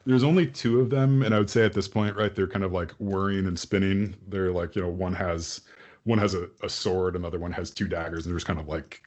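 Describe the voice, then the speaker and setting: A man's voice: low-pitched, fairly even intonation, fairly quick, a little mellow. A man running a tabletop game as game master, describing scenes loosely with many fillers.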